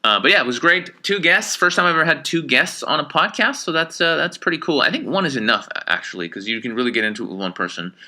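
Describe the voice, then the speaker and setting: A man hosting a podcast in casual chat, energetic and swearing freely, with lots of fillers like "uh". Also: a little high, quick pace, hardly any pauses. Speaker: podcast host.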